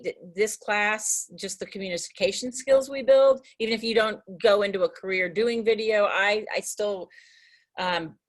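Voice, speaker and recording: A woman's voice: medium pitch, fairly bright tone. A woman teacher talking earnestly with her class on a video call, rambling and restarting her sentences.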